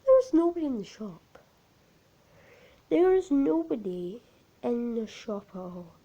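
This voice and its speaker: A woman telling an amateur creepypasta story in a halting, repetitive, unpolished way. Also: a little high, sing-song, warm tone, highs cut off.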